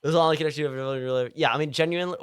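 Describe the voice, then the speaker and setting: A man's voice: fairly high pitch, steady tone, very fast, clear, resonant tone. A young man from California chatting casually while streaming a game, rambling with lots of fillers and frequent laughs. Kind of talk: casual gaming stream chat.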